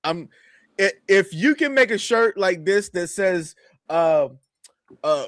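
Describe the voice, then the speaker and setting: Lively, halting man in casual chat. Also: sits high, dry recording, clean studio sound. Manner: halting, with frequent restarts and easy laughter. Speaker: podcast co-host reviewing wrestling.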